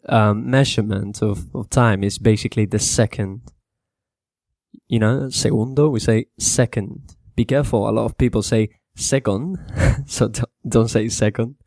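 A man with a fairly low voice teaches basic English vocabulary in a loose, chatty way. He slows down to model each word's pronunciation for Spanish-speaking learners. The sound is dry and close. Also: vocal fry, no echo. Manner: relaxed, repeats words slowly to model pronunciation, mixes in Spanish. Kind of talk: casual spoken lesson for Spanish speakers.

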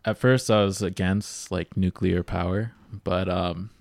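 A man with a very deep voice talks on a casual podcast. He hesitates and trails off with many fillers. The sound is dry and close. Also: fairly even intonation, a little slow, creaky, darkish tone, dry recording. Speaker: podcast co-host. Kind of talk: casual chat.

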